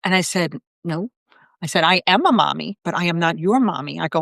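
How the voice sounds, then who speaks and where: Middle-aged psychic medium lady chatting on a live stream, lowish voice, dry close sound, lots of "i'm like" asides. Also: lively intonation, fairly quick, vocal fry, a bit bright, dry recording. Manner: chatty, full of asides and quoted self-talk. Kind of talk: casual live-video storytelling.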